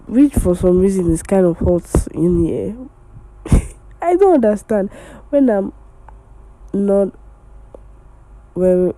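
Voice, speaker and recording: Very dark-voiced chatty young woman. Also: fairly low pitch, rough recording. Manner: chatty and rambling, many fillers and restarts, laughs easily. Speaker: podcast host. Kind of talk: casual solo podcast chat. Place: indoors under a blanket.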